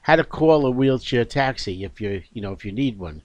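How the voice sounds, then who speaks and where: A man hosting a talk radio show at an ordinary middle pitch. He speaks earnestly and often stops to restart his sentences. The sound is dry and close in the studio. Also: expressive, no room sound. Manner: halting, frequent restarts, earnest. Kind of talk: casual radio chat.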